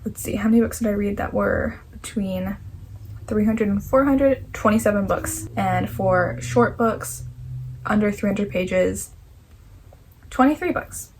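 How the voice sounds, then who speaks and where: A woman's voice: medium pitch, measured pace, a little mellow, a little hiss or hum, rough recording. A young woman vlogging casually at home about the books she read, chatty and enthusiastic, thinking aloud as she goes. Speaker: book vlogger. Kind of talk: casual chat.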